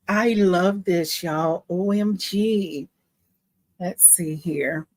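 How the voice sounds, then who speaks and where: A woman's voice: on the low side, extremely slow, a little mellow, no room sound. A woman hosting a casual live stream, gushing over her work with squeals and laughs, reading viewer comments aloud and explaining steps. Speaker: livestream host showing embroidery.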